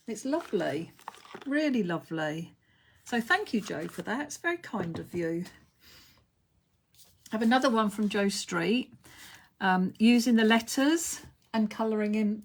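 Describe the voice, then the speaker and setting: British lady going on about cards on a live stream, middle-aged, gushy, easy chatty talk. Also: mid-range voice. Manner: effusive, gushing with praise. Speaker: craft designer hosting a live stream. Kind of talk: casual live stream chat showing cards.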